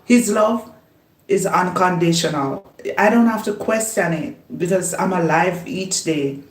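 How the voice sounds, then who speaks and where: A woman vlogger chatting casually while she cooks, unhurried, laughing often and talking herself up. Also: on the low side. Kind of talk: casual chat while cooking. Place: home kitchen. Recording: roomy echo.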